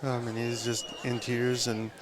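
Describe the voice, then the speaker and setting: In a slightly slow, monotone voice of medium pitch, a man who works as a tattoo artist rambles through a long story during a live podcast interview at a tattoo convention, using lots of fillers and profanity. Loud crowd chatter and other background noise come through.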